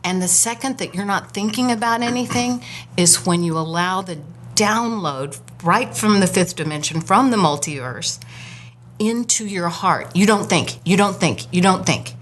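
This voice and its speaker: Woman, chatty spiritual storyteller, mid-pitched, acts out the voices in her story. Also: lively intonation, moderate pace, a little hiss or hum. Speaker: guest co-host. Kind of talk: casual spiritual chat.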